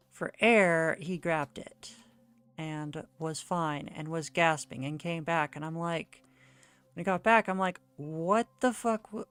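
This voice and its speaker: Chatty woman streamer, low voice. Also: clear, resonant tone, no room sound. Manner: rambling, storytelling with many "like" fillers. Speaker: art streamer. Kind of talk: casual chat while drawing.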